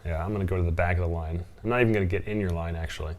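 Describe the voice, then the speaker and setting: A man's voice: deep voice, fairly even intonation, very fast. A man reading dating profiles aloud and mocking them sarcastically with frequent chuckles, in a casual reaction vlog. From from Portland area.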